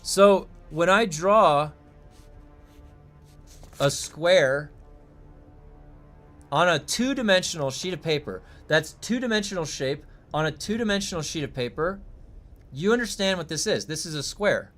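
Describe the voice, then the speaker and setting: A man on a live stream wanders through big questions in a loose, curious ramble, cursing casually as he goes. His voice sits a little high for a man. Soft music plays faintly underneath. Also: animated, a little slow, long pauses. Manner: rambling, curious, thinks aloud with swearing. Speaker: game streamer. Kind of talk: casual livestream musing.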